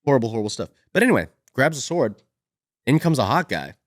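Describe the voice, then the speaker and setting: A man's voice: medium pitch, fast talker, no echo, clean studio sound. A man co-hosting a podcast, chatting casually about a book while sick with a cough drop in his mouth, acting out quotes as he goes. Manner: animated, acts out quotes from the book. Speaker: podcast co-host.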